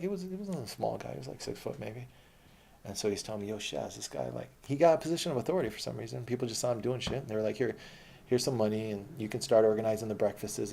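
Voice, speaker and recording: A man's voice: medium pitch, creaky, mellow, a little hiss or hum. A man telling a rambling, profane, streetwise story from his own life in casual speech.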